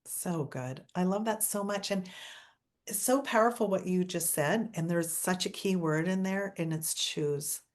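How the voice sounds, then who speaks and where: A woman hosting a podcast interview, telling stories in an animated, exclamatory way. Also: on the low side, a little slow. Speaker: podcast host. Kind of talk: casual interview chat.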